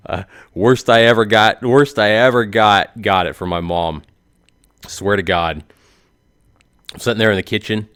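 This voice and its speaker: A man's voice: fairly low pitch, steady tone, unhurried, pauses often, a bit bright, clean tone, no echo, studio quality. A man in his forties, a YouTuber giving a rambling comedic monologue and laughing at his own jokes. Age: 40s.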